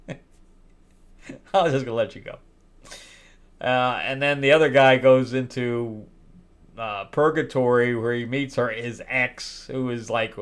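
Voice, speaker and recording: A man reviewing comic books in a loose, casual way, candid and a little wry. His voice sits at a middling pitch, and he talks hesitantly, full of fillers and restarts. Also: smooth. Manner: candid and wry, with loud incredulous outbursts.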